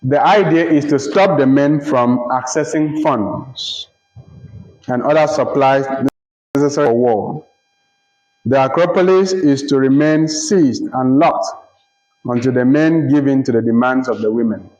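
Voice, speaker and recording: A man teaching a literature lecture, explaining slowly and deliberately, repeating phrases and checking that listeners follow. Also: mid-range voice, a little mellow. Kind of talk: recorded lecture. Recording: roomy, dull lo-fi recording.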